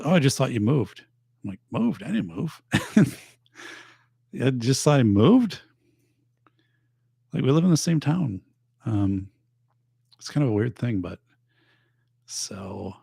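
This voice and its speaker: A tired middle-aged man hosts a podcast in a loose, rambling chat full of fillers and restarts. His voice is low and husky with a gravelly fry, and he is losing it. The sound is dry and close. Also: a little mellow, dry recording. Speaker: podcast host. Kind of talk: casual chat reading viewer comments. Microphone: studio microphone.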